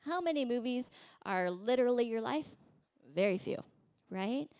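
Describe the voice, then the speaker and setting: A woman's voice: animated, moderate pace, darkish tone, smooth, no room sound. Woman preacher, conversational and dry. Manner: conversational, tags points with "right?"; acts out voices in quotes, rising high. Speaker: pastor. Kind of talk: sermon.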